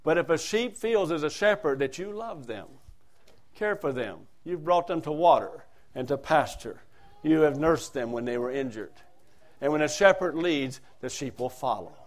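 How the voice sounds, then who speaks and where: A male preacher giving a sermon. He drops to soft, quiet asides, then rises to loud, emphatic lines, and reads scripture in a raised, declaiming voice. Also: on the high side, lively intonation, normal speed.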